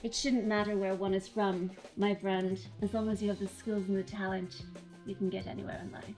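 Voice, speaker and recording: A woman voicing a smug high roller who talks down to a rival at the card table. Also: little pitch movement, faint music behind, close to an everyday voice, poor audio. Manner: condescending, quick and hushed.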